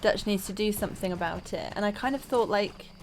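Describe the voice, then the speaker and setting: Chatting as she plays, a woman thinks out loud and wanders a little in her casual game commentary, at a fairly quick pace and medium pitch. Horse hooves and game music can be heard in the background.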